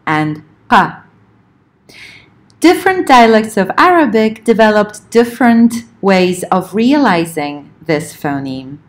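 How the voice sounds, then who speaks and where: A woman lecturing on linguistics, explaining points in a measured way and slowing down to spell out examples. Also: medium pitch. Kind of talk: recorded lecture.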